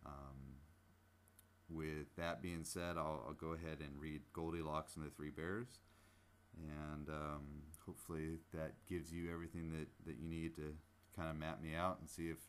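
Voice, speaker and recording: A man's voice: rumbling low, little pitch movement, moderate pace, a little hiss or hum. A man from Washington State with a local accent, talking about where his family grew up in a hesitant way, with many ums and restarts, before reading aloud for an accent recording. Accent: Washington State, between east and west of the state.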